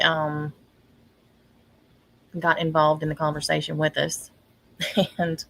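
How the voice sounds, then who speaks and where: A woman ranting in casual livestream commentary, exasperated and pausing often with ums. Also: low-pitched, gravelly, a bit bright, low-quality recording. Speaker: online commentator.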